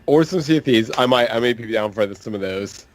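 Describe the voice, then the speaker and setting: A man who is a guest on a casual gaming podcast, rambling and halting, using casual slang. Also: medium pitch, animated, a little hiss or hum.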